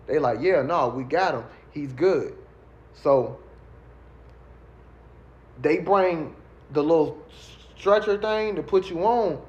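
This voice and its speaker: Man telling a rough story, muffled sound. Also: fairly high pitch, takes it slowly, long pauses, a little mellow. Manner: street slang, rambling with many fillers. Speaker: interviewee telling his story. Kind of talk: casual storytelling.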